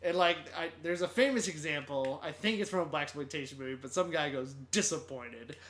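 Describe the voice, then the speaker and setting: A man's voice: a little high, animated, fast, a bit bright. A man co-hosting a podcast, chatting casually about a comedy film, often laughing and quoting lines from it. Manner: laughs often, quotes lines in put-on voices. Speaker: podcast co-host. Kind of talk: casual movie discussion.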